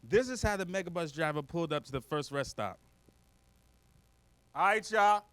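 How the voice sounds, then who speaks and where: A man doing a stand-up comedy set on a club stage, animated and quick to break into loud character voices. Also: a little high, smooth, dry recording.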